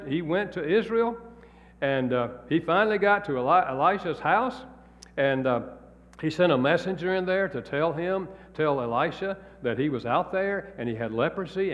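A married man preaching a sermon in a folksy, plain-spoken storytelling way. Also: fairly high pitch. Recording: echoey hall, dull lo-fi sound.

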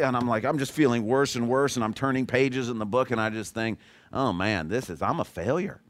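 A man's voice: medium pitch, brisk. A middle-aged man preaching a sermon, telling a personal story in a conversational, self-deprecating way. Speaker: pastor.

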